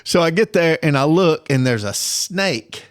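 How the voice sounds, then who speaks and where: A man's voice: fairly high pitch, animated, unhurried. A man telling work stories in a casual chat, acting out quoted voices and laughing often. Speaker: appliance technician telling stories.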